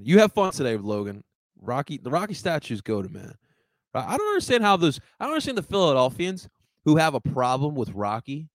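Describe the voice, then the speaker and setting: Young male sports-stream host, fired up and profane, slightly high voice. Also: fairly quick, dry recording. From first-generation American. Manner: excitable, swearing, fired up. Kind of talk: livestream sports talk.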